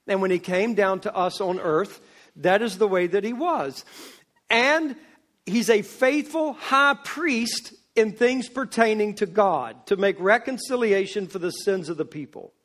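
A male pastor preaching a sermon, swinging between loud emphasis and hushed asides. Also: high-pitched. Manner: slow, drawn-out delivery.

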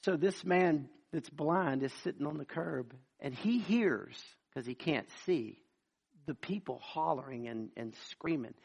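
A man's voice: fairly high pitch, expressive, normal speed, vocal fry, husky. A man preaching a sermon, telling stories dramatically and acting out the voices.

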